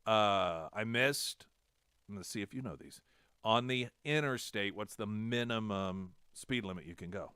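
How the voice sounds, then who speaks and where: A man's voice: on the low side, unhurried, smooth, no room sound, studio quality. A man hosting a talk radio show, casually telling a self-deprecating story and acting out the dialogue. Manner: self-deprecating, animated retelling with quoted dialogue. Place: radio studio.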